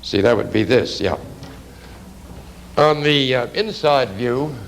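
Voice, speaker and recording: Gravelly man lecturing on anatomy drawing. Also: mid-range voice, expressive, slow, a little hiss or hum, rough recording. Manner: rambling, conversational, lots of fillers and "you see".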